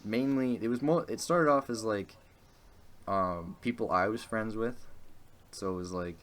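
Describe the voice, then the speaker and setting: A man's voice: fairly low pitch, a little slow, fairly bright tone. A young man co-hosting a casual podcast chat. He rambles, hesitates and swears often. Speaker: podcast co-host.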